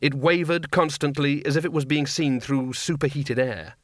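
A man narrating a comic fantasy audiobook in a measured, dry storytelling manner. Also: a little high, dry recording.

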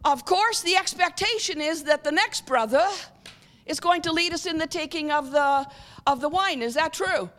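Bright high-voiced woman preaching. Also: animated, moderate pace. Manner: engaging, repeatedly checks with the audience; clears throat often. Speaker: guest speaker. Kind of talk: sermon.

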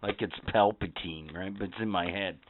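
A man's voice: low voice, moderate pace, background noise. A man co-hosting a podcast in crude casual chat, dry and sardonic, swearing freely. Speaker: podcast co-host. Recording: dry tinny phone-like audio.

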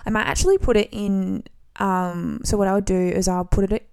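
A woman in her twenties hosting a solo podcast, talking casually in a relaxed, rambling way with frequent ums and restarts. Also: mid-range voice, moderate pace, clear, resonant tone. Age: 20s. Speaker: podcast host.

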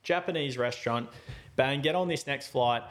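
A man hosting a podcast, telling a story in a casual, animated way and acting out his own lines. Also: mid-range voice, normal speed. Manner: animated, acts out his own quotes loudly. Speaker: podcast host.

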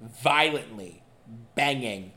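A young man co-hosting a podcast, telling a dating story in a casual, animated and profane way. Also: mid-range voice, slow. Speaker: podcast co-host. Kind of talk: casual chat.

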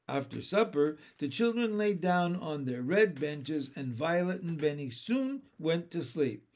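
Lively man narrating a children's book. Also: on the high side, unhurried, hardly any pauses.

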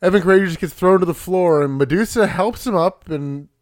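A man's voice: high voice, fairly quick, darkish tone. A man co-hosting a casual podcast chat, swearing freely and laughing often while working through his notes. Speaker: podcast co-host. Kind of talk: casual wrestling recap chat.

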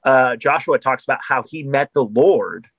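A man's voice: medium pitch, moderate pace, a bit bright, slightly rough, dry recording, low-quality recording. Earnest man explaining on a podcast. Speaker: podcast guest. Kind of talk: casual conversation.

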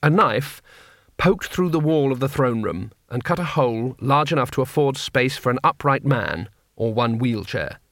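A man's voice: mid-range voice, lively intonation, a bit bright, no echo. Dry, wry male audiobook narrator. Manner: wry, brisk comic storytelling. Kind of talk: scripted narration.

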